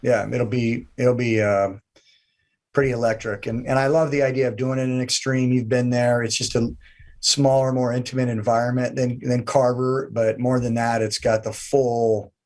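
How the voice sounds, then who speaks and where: A man's voice: medium pitch, little pitch movement, normal speed, a little mellow. A man guesting on an interview, talking with enthusiasm in long run-on sentences. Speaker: event promoter guest. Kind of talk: casual interview chat.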